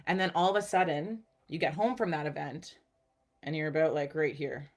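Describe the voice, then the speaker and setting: Upbeat chatty woman with a low voice. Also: steady tone, normal speed. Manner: upbeat, chatty, says "okay" and "guys" a lot. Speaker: personal growth coach. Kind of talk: casual teaching to camera.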